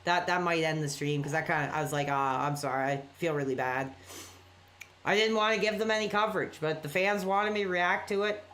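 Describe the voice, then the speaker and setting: A man's voice: sits high, fast, few pauses, bright, forceful tone, slight background noise. Man streamer, casual late-night chat, rambling and apologetic, reading and reacting to viewers. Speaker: live streamer.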